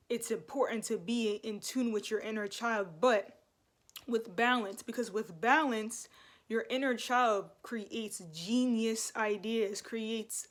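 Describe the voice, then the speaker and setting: Rambling, casual young woman vlogger. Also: fairly high pitch. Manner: rambling, loose and conversational with many fillers. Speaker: spiritual vlogger. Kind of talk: casual talk to camera.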